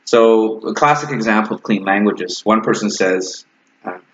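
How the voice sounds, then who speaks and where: A man's voice: lowish voice, normal speed, a little hiss or hum. A man teaching English conversation to camera in a casual way, acting out both sides of sample dialogues. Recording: slightly dull lo-fi sound.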